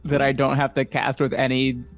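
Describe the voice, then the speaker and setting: A man playing in a tabletop game, speaking loudly and briskly in a playful way. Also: medium pitch, level tone, soft background music. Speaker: player. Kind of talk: casual chat in a tabletop game.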